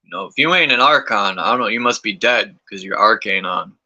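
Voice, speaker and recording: A man's voice: lowish voice, lively intonation, fairly quick, sharp tone, muffled recording. A man chatting casually, full of joking, irreverent banter. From United States. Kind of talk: casual chat.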